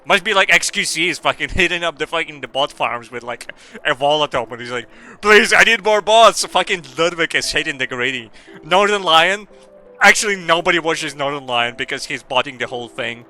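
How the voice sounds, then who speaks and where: Bright, profane, rambling male streamer. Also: a little high, lively intonation, brisk. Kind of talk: casual gaming stream chat.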